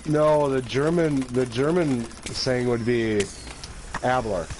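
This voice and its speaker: A man's voice: mid-range voice, slow, a little mellow. A man telling family stories in a rambling, casual way while co-hosting a game stream. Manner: rambling anecdotal storyteller. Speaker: streamer co-host. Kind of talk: casual gaming-stream chat. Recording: noisy stream mic.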